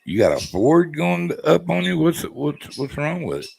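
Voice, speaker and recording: A man's voice: a little high, big pitch swings, normal speed, gravelly, darkish tone, slightly rough, low-quality recording. A man chatting casually with viewers on a live stream, easygoing and rambling. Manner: easygoing, rambling, laid-back.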